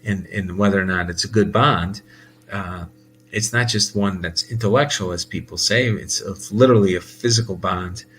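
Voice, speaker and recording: A man's voice: low-pitched, normal speed, fairly bright tone, a little hiss or hum. A man talking casually in a rambling monologue, full of fillers, restarts and laughs. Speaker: host.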